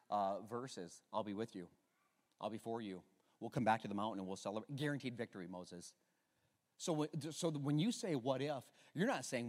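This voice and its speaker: A middle-aged man preaching as a pastor in a church, joking with the congregation and swinging from loud outbursts to hushed tones. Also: mid-range voice, long reverb tail. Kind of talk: sermon. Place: large church.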